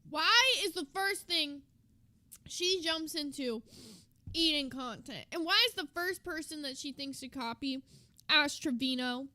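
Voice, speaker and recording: A woman's voice: high voice, measured pace, sharp tone. A woman streamer giving mocking, profane reaction commentary with laughing asides.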